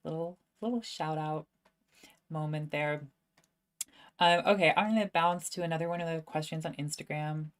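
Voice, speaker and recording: A woman's voice: deep voice, normal speed. A young woman, a student, chatting casually on a livestream and answering viewer questions, self-mocking and laughing often.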